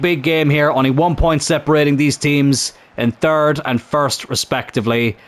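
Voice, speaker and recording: Male gaming commentator, casual, excitable at goals, light background hiss. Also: medium pitch. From Ireland. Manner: chatty, breaks into excited shouts at big chances and goals. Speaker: gaming YouTuber commentating his own match.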